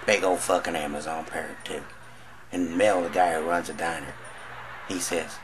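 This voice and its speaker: A man's voice: low-pitched, fairly even intonation, moderate pace, a little hiss or hum. A man telling stand-up jokes in a drawling, storytelling way, acting out the voices in his stories. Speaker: stand-up comedian.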